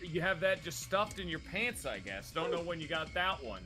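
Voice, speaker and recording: A young man hosting a let's play, chatting casually over a game in an excitable, jokey way. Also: fairly high pitch, over music. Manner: excitable, jokey, quick to laugh. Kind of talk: casual gameplay chat.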